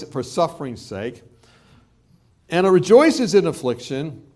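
A male preacher giving a sermon in a church, telling stories with humor and laughter. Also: fairly high pitch. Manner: animated storytelling with laughter.

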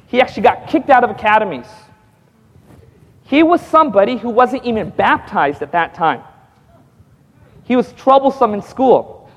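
Man, evangelist, high-pitched voice, lively storytelling, acts out dialogue, chuckles, asks crowd for responses, reverberant hall. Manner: calls out to the audience for responses. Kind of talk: testimony preached to a congregation.

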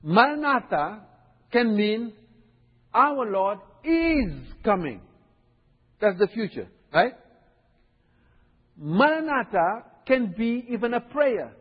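A man's voice: high voice, expressive, unhurried, long pauses, slightly rough. A man preaching a sermon in a teaching way, repeating his points and often checking in with the listeners. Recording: dull, echoey hall recording.

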